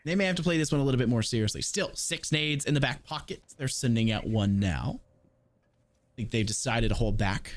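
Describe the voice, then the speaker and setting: A man from the American South casting an esports match play by play, quick and teasing with his co-caster. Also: mid-range voice, dry recording. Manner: quick and teasing, joking between plays. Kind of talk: play-by-play commentary.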